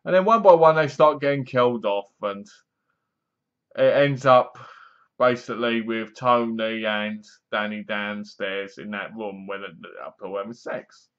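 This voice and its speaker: A man's voice: fairly low pitch, measured pace, a bit bright, smooth. A man giving a casual, rambling movie review in a frank way, sometimes stumbling over words. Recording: slightly dull lo-fi recording.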